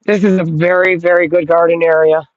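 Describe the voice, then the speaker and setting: A woman's voice: lowish voice, flat delivery, fairly quick, no echo, phone-quality sound. A woman vlogging from her yard in a loose, rambling way, cooing at dogs and swearing casually. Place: outdoors in a yard.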